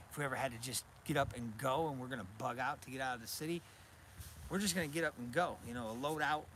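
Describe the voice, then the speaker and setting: A man hosting a survival channel, chatting casually and rambling on a live stream from his rural land. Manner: rambling, talks to his dog in a high baby voice. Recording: noisy outdoor live stream.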